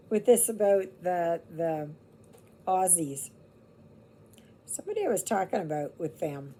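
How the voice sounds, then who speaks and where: A woman from Canada, a home vlogger, chats to her viewers in a slow, rambling way. Her voice sits low and mellow with a gravelly edge. Faint household noise hangs in the background. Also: sing-song. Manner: rambling, chatty, laughs easily. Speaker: cross-stitch vlogger. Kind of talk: casual chat to viewers.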